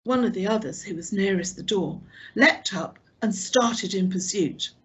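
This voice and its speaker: Woman audiobook reader, slow, husky, higher voice, lo-fi recording. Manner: slow, lively reading. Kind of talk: audiobook narration.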